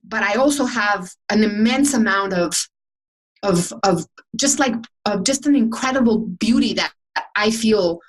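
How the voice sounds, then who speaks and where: A woman's voice: medium pitch, a little slow, low-quality recording. A woman guest on a podcast, telling emotional, reflective personal stories in conversation with many restarts.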